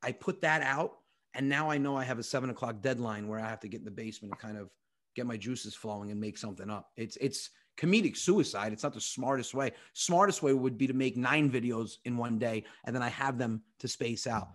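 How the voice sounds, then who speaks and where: A man, a comedian, telling a personal story with animated, profane energy. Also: mid-range voice. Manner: animated, profane, quick-talking. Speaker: comedian guest. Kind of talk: comic storytelling.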